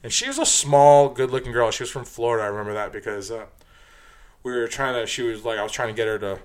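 A man's voice: mid-range voice, animated, fast talker. A man casually telling a long story from his nightlife job, profane and rambling, full of fillers, getting heated as he retells it.

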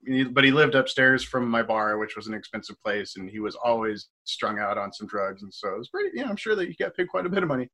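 A man from Washington State hosts a relaxed conversation, spinning animated stories from behind the bar and laughing often between his words. His voice is bright and sits at an ordinary middle pitch. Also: fast, hardly any pauses. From Washington State, USA. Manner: animated storyteller, laughs often, many fillers. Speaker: podcast host and bartender. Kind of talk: casual chat.

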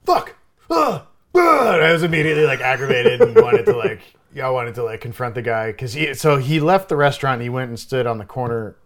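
Animated young man telling a story. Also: medium pitch, fast, hardly any pauses. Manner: animated, swears freely, loudly acts out his own quoted lines. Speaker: bartender. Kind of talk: casual storytelling chat.

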